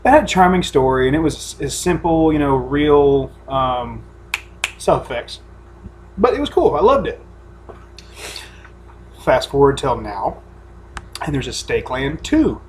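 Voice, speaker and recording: A man's voice: medium pitch, sing-song, a little slow, pauses often, slight background noise. A man co-hosting a casual podcast from home, telling stories in a rambling, profane way with many restarts. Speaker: podcast co-host. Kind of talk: casual chat.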